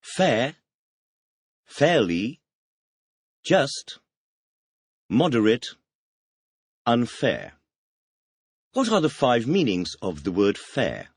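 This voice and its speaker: A man reading the teacher's questions in a scripted audio language lesson, announcing words and asking quick questions. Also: medium pitch, wildly swooping pitch, slightly rough, no room sound, clean studio sound. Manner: announces words, then fires quick questions with a clipped "please".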